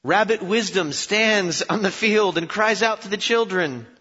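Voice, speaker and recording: A man's voice: sits high, a little slow, sharp tone, husky, long reverb tail, muffled recording, pitched above the performer's own voice, heavily acted. A man voicing a cuddly storybook rabbit that calls sweetly to small children. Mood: coaxing.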